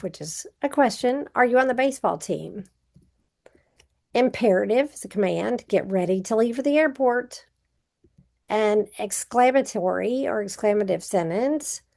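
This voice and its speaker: A woman teacher records a grammar review for students. Her voice sits a little high with a gravelly fry, and she explains patiently, one step at a time.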